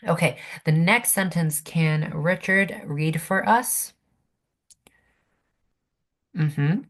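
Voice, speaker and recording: A woman's voice: sits low, extremely slow. A woman teaching a literature class online, speaking patiently and checking in with her students over a video call. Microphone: computer mic on video call.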